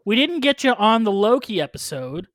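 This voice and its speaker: A young man hosts a casual podcast with an upbeat, loose delivery full of fillers. His voice sits a little higher than usual and sounds close and dry, with no room around it. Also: big pitch swings, normal speed, fairly bright tone, no room sound. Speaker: podcast host.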